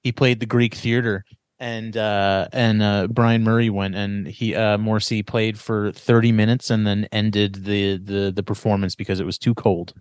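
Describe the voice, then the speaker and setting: A man's voice: lowish voice, little pitch movement, moderate pace, clean tone, no room sound. A man co-hosting a casual podcast, blunt and ranting with plenty of swearing. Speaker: podcast co-host.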